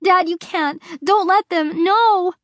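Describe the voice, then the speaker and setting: A woman's voice: extremely high pitch, slow pace, a bit bright, dry recording, voice pushed up, exaggerated voice. A woman voicing a grief-stricken teenage girl who pleads through sobs in an audiobook. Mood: desperate. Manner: sobbing, pleading.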